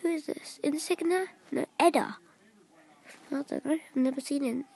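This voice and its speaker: High, gravelly woman softly narrating gameplay. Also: moderate pace. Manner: drops into soft whispers, stumbles over names. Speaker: gaming video creator. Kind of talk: casual commentary over gameplay.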